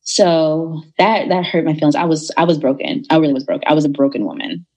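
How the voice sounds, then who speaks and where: A young woman telling a personal story in a casual, animated way, acting out the people in it. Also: deep voice, quick pace. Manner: animated, retells dialogue in voices.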